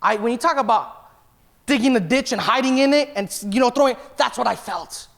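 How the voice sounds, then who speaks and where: A man's voice: very high-pitched, brisk, vocal fry, a bit bright. A man in his thirties, a pastor, giving an emotional personal testimony in a church sermon. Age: 30s. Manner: emotional, confessional, quotes himself and others.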